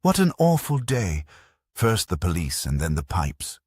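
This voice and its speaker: A man voicing an anxious, flustered young woman in a read-aloud mystery, soft and worried. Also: extremely low pitch, lively intonation, moderate pace, husky, no echo, studio quality, full character voice.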